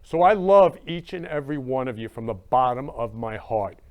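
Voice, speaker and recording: A man's voice: medium pitch, animated, moderate pace. A man hosting a talk show, gushing and repetitive, talking in a casual monologue. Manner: effusive and repetitive, gushing about love. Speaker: show host.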